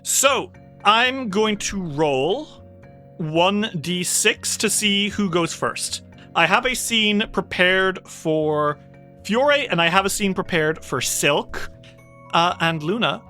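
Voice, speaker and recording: Slow, lively game master. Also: mid-range voice, soft background music. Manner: relaxed, meandering narration with fillers. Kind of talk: narrating a tabletop game.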